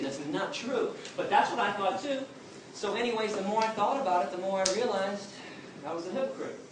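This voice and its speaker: A man answering audience questions in an emphatic, plain-spoken storytelling manner. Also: a little high. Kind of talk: public talk, Q and A. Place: large echoey hall. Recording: echoey hall from far off, noisy.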